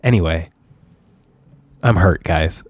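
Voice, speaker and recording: A man's voice: sits low, slow, no room sound. A young man co-hosting a podcast in casual, rambling chat, joking and laughing often. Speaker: podcast co-host.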